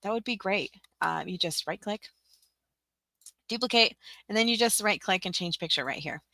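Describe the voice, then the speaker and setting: A woman's voice: mid-range voice, normal speed, vocal fry, bright, forceful tone, dry recording. A woman from Tennessee hosting a casual livestream tutorial, chatty and giggly, rambling with lots of fillers. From Tennessee, USA. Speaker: livestream host.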